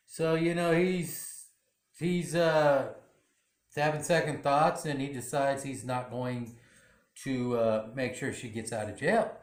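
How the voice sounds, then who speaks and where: A man with a fairly high voice talks through a drama episode, rambling and loose, leaning on "you know" between thoughts. The room around him is echoey. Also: measured pace. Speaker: drama recap vlogger. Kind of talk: casual episode recap. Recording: roomy echo.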